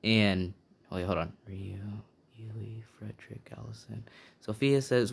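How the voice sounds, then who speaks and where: A man's voice: on the low side, a little slow, vocal fry. A man improvising a fan-made story, rambling casually with many fillers and restarts. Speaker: channel host telling a fan story.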